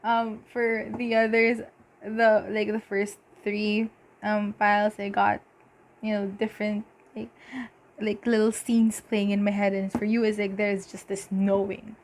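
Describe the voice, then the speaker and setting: A woman giving a casual tarot reading, talking in halting bursts with lots of fillers and giddy laughter. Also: mid-range voice, completely flat delivery, slight background noise. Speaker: tarot reader.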